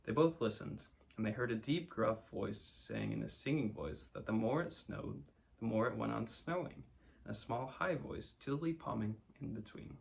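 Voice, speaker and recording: Guy reading a kids storybook aloud, gravelly, calm and steady. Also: medium pitch, moderate pace, a little hiss or hum, rough recording. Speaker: storybook reader. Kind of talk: children's storybook narration.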